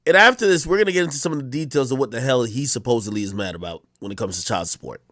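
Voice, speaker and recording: Male streamer, casual mocking commentary, animated delivery, dry booth. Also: mid-range voice, racing, dry recording. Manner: mocking, profane, laughs at clips. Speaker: streamer reacting to clips.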